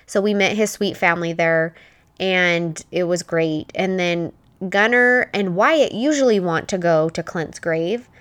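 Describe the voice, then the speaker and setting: A woman's voice: fairly low pitch, a little slow, fairly bright tone, clean tone. A middle-aged woman, a mother, telling a personal story in a casual, heartfelt and rambling way. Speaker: widowed mother vlogging.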